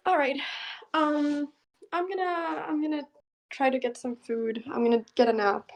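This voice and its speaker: High-voiced young woman chatting on stream. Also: steady tone, measured pace, poor audio. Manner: chatty, laughs often, thanks viewers. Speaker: chess streamer. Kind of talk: casual live-stream chat.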